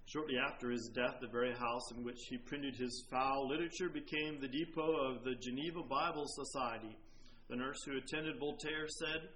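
A man preaching a sermon, dramatic, dropping to a hush and then swelling loud as he quotes dying men. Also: mid-range voice, fairly even intonation, normal speed, slight background noise, poor audio. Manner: dramatic, swings from hushed to loud when quoting.

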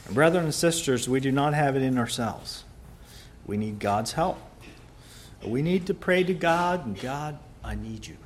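A man preaching a sermon, rising to loud emphatic peaks and dropping to quiet, soft passages. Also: mid-range voice, lively intonation, normal speed, slight background noise.

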